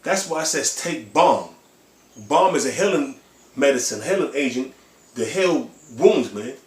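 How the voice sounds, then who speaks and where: A man's voice: medium pitch, lively intonation, measured pace. Fiery preaching man, echoey room. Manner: emphatic, fiery, ends phrases with "man"; blunt and profane. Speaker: preacher on a livestream. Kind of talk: impassioned religious preaching.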